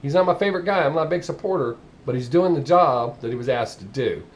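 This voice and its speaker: A man's voice: a little high, lively intonation, fast talker. Blunt Southern man ranting. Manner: blunt, profane, sarcastic. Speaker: vlogger. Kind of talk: casual ranting monologue.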